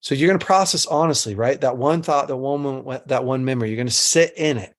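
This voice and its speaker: A man's voice: mid-range voice, fast talker. A middle-aged man giving an earnest teaching talk to a group, mixing instruction with a personal story and repeating phrases for emphasis.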